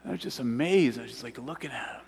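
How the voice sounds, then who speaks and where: A man preaching a sermon as a pastor, in a hushed and intimate way. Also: medium pitch, expressive, fast. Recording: long hall reverb with clear guitar music. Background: guitar playing.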